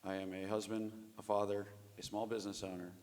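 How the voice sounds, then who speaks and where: Low-voiced man in his thirties, hoarse. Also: flat delivery, a little fast, darkish tone. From Ohio. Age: 30s. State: losing his voice. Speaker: candidate. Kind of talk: prepared opening statement. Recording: long reverb of a hall.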